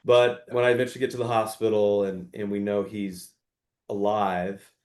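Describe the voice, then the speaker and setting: A middle-aged man, a father, telling a story in an interview with earnest warmth and acting out quoted dialogue. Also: lowish voice, little pitch movement, moderate pace. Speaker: guest, father.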